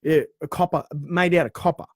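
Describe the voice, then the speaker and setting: Rambling man, slightly high. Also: fairly even intonation, a little fast, no echo. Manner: rambling storyteller, many fillers and restarts. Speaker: guest drummer. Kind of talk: casual interview chat.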